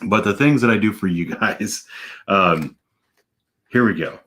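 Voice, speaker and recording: A man's voice: fairly low pitch, unhurried, a bit bright. A man in his thirties, a police officer and vlogger, chatting casually at home while eating donuts with his mouth full. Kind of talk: casual vlog, eating challenge.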